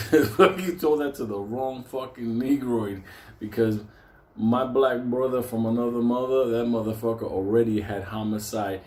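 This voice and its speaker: A man's voice: mid-range voice, flat delivery, moderate pace, dark tone. A man telling a story casually, rambling, laughing and swearing a lot. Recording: roomy echo.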